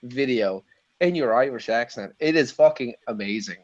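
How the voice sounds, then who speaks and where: A man's voice: mid-range voice, lively intonation, moderate pace, no room sound, dull audio. A man hosting a casual live beer chat, joking crudely and laughing often. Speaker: host.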